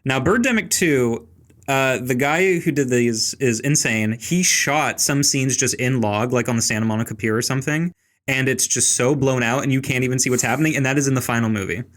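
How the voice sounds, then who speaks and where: A man's voice: medium pitch, fairly quick, fairly bright tone. A young man hosting a casual film podcast, chatting loosely and trailing off with filler words. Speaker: podcast host.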